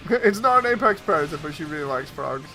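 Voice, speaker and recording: A man's voice: a little high, lively intonation, fast talker, music in the background. A man streaming, telling amused anecdotes in casual chat and chuckling often.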